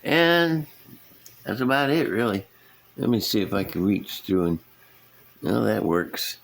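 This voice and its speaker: With a low-leaning, sing-song voice, a slightly slow pace and vocal fry, a middle-aged man talks over a little hiss or hum. The scale model builder and channel host casually shows his builds at an indoor workbench, folksy and rambling, chuckling at himself.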